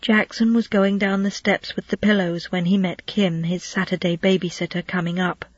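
A husky, slightly breathy narrator reads a children's novel aloud with steady storytelling and light character touches. The sound is close and dry, on a dull lo-fi recording. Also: mid-range voice, moderate pace, no room sound. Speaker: audiobook narrator.

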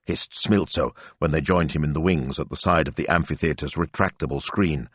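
Male audiobook narrator, deep, animated contour, dry studio read. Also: normal speed, hardly any pauses, husky, dry recording.

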